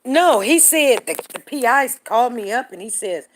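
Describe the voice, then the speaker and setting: A woman hosts a show and talks things through with a caller. Her voice sits a bit high. She speaks emphatically, repeats her points and quotes other people word for word. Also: lively intonation, moderate pace, a little hiss or hum. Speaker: show host. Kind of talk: casual talk with a phone caller.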